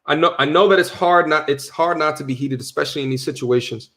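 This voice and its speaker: A young man hosts a casual livestream, talking animatedly and reading viewer messages aloud. His voice sits fairly high and sounds bright and forceful. He repeats himself often and drops slangy shout-outs. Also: quick pace. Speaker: livestream host.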